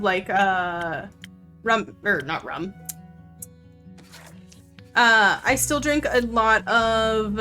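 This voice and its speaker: A woman's voice: mid-range voice, pushed and bright. A woman streamer chatting casually with her viewers while playing a game, with plenty of fillers.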